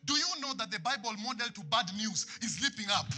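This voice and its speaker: A man preaching a sermon in church, swinging from loud passionate lines to hushed ones. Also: sits high, lively intonation, fairly quick, hardly any pauses, faint music behind. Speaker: pastor.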